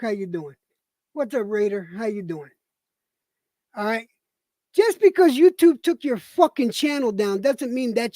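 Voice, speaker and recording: A woman's voice: fairly high pitch, dark tone, dry recording. A woman streamer on a live broadcast, delivering an angry, profane rant full of stammered repetitions.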